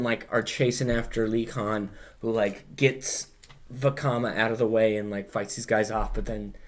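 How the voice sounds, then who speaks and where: A male podcast host with a middle-pitched voice, talking loosely and rambling as he recaps. He keeps filling gaps with filler words, drops in swear words, and corrects himself as he goes. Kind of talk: casual chat.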